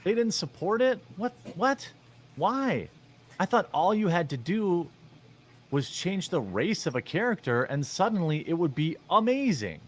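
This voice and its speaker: A man's voice: sits high, big pitch swings, unhurried. A man giving opinionated commentary on video clips in a sarcastic, mocking, rambling way with many fillers. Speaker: commentary vlogger.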